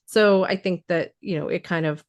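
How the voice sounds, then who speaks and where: A woman's voice: fairly low pitch, normal speed. A woman who is losing her voice explains trauma responses in casual talk, thoughtful, with many fillers and restarts.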